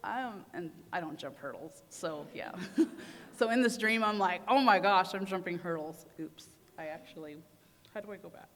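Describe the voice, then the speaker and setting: A young adult woman speaks at a conference, recounting a personal story to the audience and voicing her own inner thoughts with feeling. Her voice is lowish and a bit bright, with lively intonation at normal speed, and a long hall reverb surrounds it.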